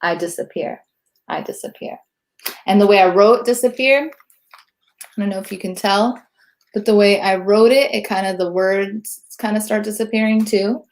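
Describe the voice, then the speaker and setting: A woman guest talks in a loose, easygoing way about her poetry, full of slang and filler words. Her voice sits at an ordinary middle pitch. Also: steady tone, moderate pace. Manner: casual slangy talk, many fillers. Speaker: guest poet and professor. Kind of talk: casual interview chat.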